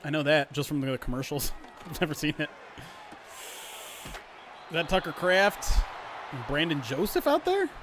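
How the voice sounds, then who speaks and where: A man calling a simulated football game on a livestream, switching between animated play-by-play and chatty asides to his viewers, often clearing his throat. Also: fairly high pitch, normal speed, pauses often, a little hiss or hum. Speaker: streamer doing play-by-play. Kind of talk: livestream sports play-by-play commentary.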